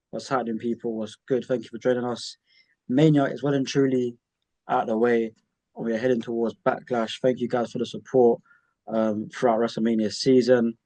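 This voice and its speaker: A man's voice: medium pitch, level tone, brisk, mellow. A man co-hosting a casual wrestling chat, easygoing and upbeat. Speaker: podcast co-host.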